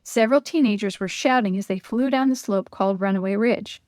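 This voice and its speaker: A woman reading a children's Bible story aloud in a clear, expressive storyteller manner. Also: medium pitch, fairly quick, no room sound, studio quality. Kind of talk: scripted children's story narration.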